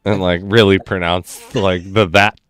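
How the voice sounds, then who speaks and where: A man's voice: deep voice, fairly even intonation, measured pace, a bit bright. A man hosting a gaming stream in casual chat, laughing often and swearing as he tells stories.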